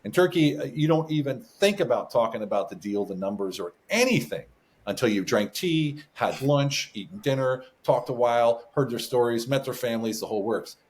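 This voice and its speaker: An American man speaking as a guest in a casual interview, telling animated stories about business and often chuckling. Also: medium pitch, fairly quick. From United States. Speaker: podcast guest, business advisor.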